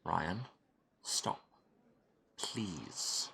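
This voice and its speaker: A man voicing a young woman detective who pleads quietly in a game. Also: fairly low pitch, expressive, a little slow, slight background noise. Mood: pleading.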